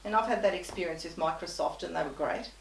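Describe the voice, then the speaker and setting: A woman's voice: lowish voice, fast talker, creaky, recorded from a distance, slight background noise. A woman guest telling an anecdote in conversation, animatedly acting out both sides of the dialogue. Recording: echoey room.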